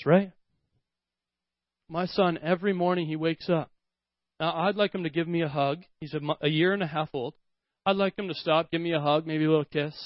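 A young man preaches in a high voice, talking to his congregation like he's chatting with friends and acting out little scenes along the way. The recording is dry, with a slightly dull, muffled tone. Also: no echo. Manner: animated, conversational, acts out scenes with voices. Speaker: pastor. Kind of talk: sermon.

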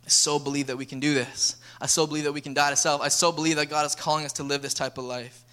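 Young male pastor, earnest sermon delivery, bright forceful voice. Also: fairly high pitch, flat delivery, fast, smooth. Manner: earnest, building to emphatic appeals.

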